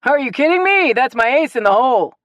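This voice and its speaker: A woman voicing a stubborn, joking older father in an audiobook, loud and full of teasing bravado. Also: mid-range voice, fairly quick, no echo, highs cut off, voice pushed up, natural voice. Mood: blustery.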